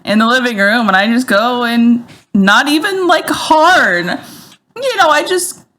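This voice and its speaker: A woman in her thirties co-hosting a casual podcast, telling animated stories with sound effects. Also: on the high side, measured pace. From United States. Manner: animated storyteller, acts out scenes with sound effects. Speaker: podcast co-host. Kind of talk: casual chat.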